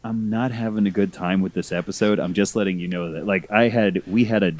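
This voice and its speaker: Low-voiced man riffing jokily. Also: fairly quick, muffled recording. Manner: animated, jokey, mimics characters. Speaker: guest co-host. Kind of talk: casual review chat.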